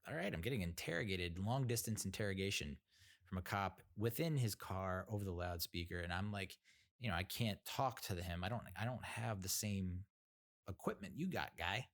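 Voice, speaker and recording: Speaking at normal speed with lively intonation, a low-pitched man hosts a podcast and spins a rambling, sarcastic story. It's a casual storytelling monologue packed with fillers.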